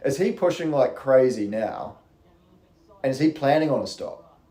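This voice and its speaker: A man's voice: mid-range voice, lively intonation, normal speed, warm tone, roomy sound. A young man giving casual, rambling race commentary on a live stream, chatty and swearing freely.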